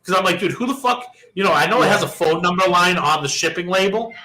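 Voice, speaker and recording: A young adult man, a podcast co-host, telling a profane, animated story and acting out the quoted lines in casual chat. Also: sits high, fast talker, a crowd in the background, low-quality recording.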